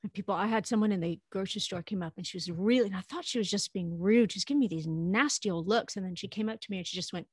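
A woman's voice: medium pitch, fast talker, hardly any pauses, husky, dry recording, studio quality. A woman co-hosting a podcast, chatting casually and laughing easily as she tells stories. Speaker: podcast co-host. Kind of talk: casual chat, anecdotes.

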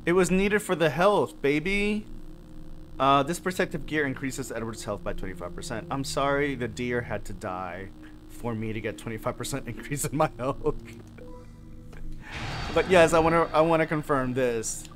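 A man hosting a casual gaming playthrough, chatting as he plays and breaking into sudden high yelps. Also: normal speed, slight background noise. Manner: chatty, animated, bursts into high yelps and shouts. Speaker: gaming channel host. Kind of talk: casual let's-play commentary.

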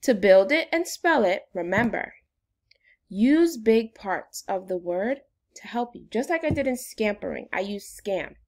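A woman's voice: medium pitch, lively intonation, measured pace, darkish tone. A woman teacher giving a phonics lesson to young children in an upbeat, sing-song way.

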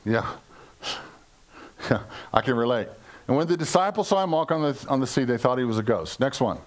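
A man's voice: medium pitch, expressive, a little fast. Older male pastor joking through a sermon. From United States. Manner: conversational, joking, acts out quotes in funny voices. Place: church service before a congregation.

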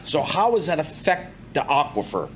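A man's voice: fairly high pitch, sing-song, moderate pace, a bit bright, a little hiss or hum. A man, a business owner, angrily complaining at a town commission meeting. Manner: angry, heated complaining. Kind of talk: public comment at town meeting.

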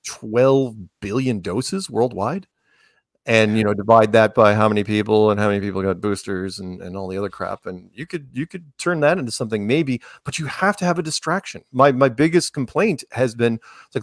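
A man's voice: on the low side, normal speed, no echo, studio quality. A man talking casually as a podcast guest, rambling with many restarts and sarcastic asides. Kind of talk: casual conversational interview.

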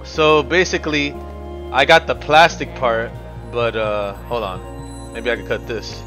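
A man's voice: medium pitch, fairly even intonation, measured pace, music in the background. A man streaming a game live, frustrated, cursing at the puzzle and talking back to chat. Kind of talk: live-stream gameplay commentary.

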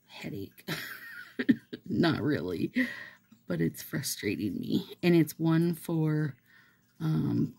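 Slow gravelly chatty woman. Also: low-pitched, mellow. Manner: rambling, chatty, laughs often. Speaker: nail and manicure vlogger. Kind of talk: casual chat while doing a manicure.

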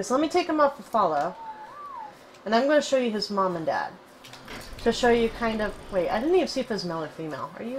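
A woman hosting casual gameplay commentary, chatty and excitable, cooing fondly at her in-game pet. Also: medium pitch, a little hiss or hum, poor audio. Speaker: gaming channel host.

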